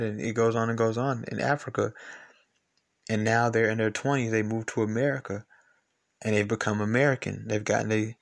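A man's voice: fairly low pitch, creaky. A man hosting a podcast, ranting in a blunt, profane, repetitive and argumentative way. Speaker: podcast host. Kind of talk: casual podcast rant.

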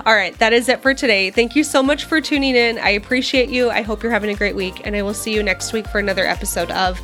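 A woman hosts a solo podcast in a direct, chatty, upbeat way. A cold has left her voice nasal, with a touch of vocal fry. Her pitch sits in the middle range. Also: quick pace, few pauses, fairly bright tone, soft background music. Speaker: podcast host.

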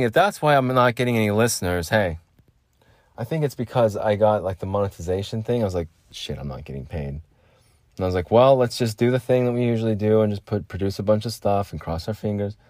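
Solo podcast host, male, low-pitched, rambling storyteller who acts out lines, dry close mic. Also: fast, a little mellow, no room sound. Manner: rambling, acts out voices and whispers mid-story.

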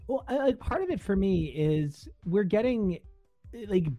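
A man's voice: sits high, animated, takes it slowly, mellow, soft background music. A man co-hosting a casual comics discussion, joking and playful. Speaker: co-host.

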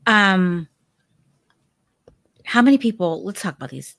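Woman, podcast co-host, casual chat, bright voice, dry close sound. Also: fairly low pitch, a little slow, creaky, dry recording. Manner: chatty, animated storyteller, laughs often.

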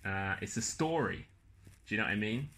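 Rambling man, bright voice. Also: fairly low pitch, animated, fairly quick. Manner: rambling, self-mocking, many fillers. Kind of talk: casual chat.

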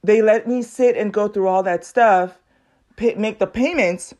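A woman hosting her own podcast, telling a long story in a casual, animated way and acting out what other people said. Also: medium pitch, measured pace. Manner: animated, acts out other people's lines in quoted voices. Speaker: podcast host.

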